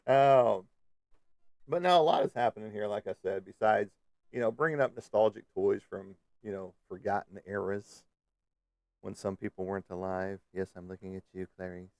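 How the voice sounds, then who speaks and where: Host type: male, low and gravelly, loose joking ramble, dry close mic. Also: moderate pace, a little mellow, dry recording. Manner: rambling, joking, lots of fillers. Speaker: live stream host. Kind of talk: casual live chat with viewers. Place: Kansas City area.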